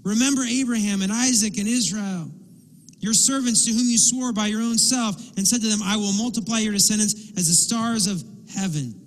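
A man's voice: high voice, moderate pace. A man preaching a sermon as pastor, impassioned, voicing pleading quotes as he goes. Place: church sanctuary. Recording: long hall reverb.

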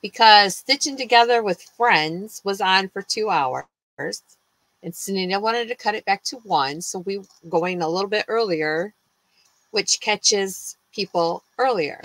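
A woman's voice: mid-range voice, measured pace, fairly bright tone, low-quality recording. A woman hosting a livestream, chatting casually and laughing easily. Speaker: livestream host. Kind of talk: casual chat.

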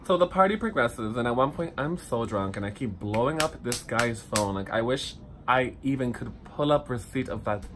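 A young man telling a personal story to his phone camera in a lively, dramatic, chatty way, swinging up high for the funny parts. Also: normal speed, background noise. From Dominican heritage. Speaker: vlogger. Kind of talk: casual storytelling vlog.

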